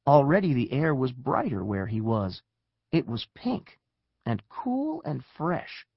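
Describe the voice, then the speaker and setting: A man narrating a children's story with expressive storytelling. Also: medium pitch, slow, creaky, dry recording, muffled recording. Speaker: audiobook narrator.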